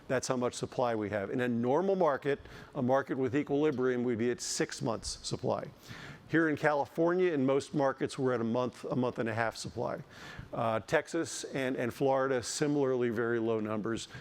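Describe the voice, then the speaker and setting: Keynote speaker, middle-aged man, mid-pitched, lively delivery, quick jokes, restarts mid-sentence. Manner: animated, joking asides, frequent restarts. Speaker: keynote speaker, housing economist. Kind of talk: conference keynote talk. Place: conference stage.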